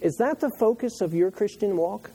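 A man preaching a sermon with a husky, mellow voice pitched a little high. He shifts from calm, steady teaching to loud, impassioned passages. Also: normal speed, rough recording. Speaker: pastor.

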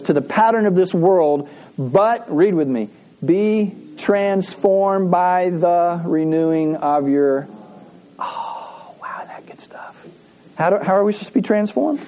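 At a church service, a pastor with a mellow, mid-range voice delivers a conversational sermon, captured on a rough recording. He leans on repeated key phrases and has the room read scripture out loud alongside him.

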